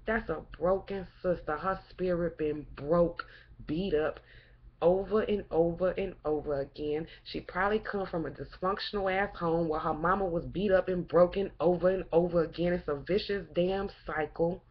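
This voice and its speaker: A woman's voice: lowish voice, normal speed, highs cut off. A woman giving a fervent, preachy monologue to camera, firing rhetorical questions and cursing often. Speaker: vlogger.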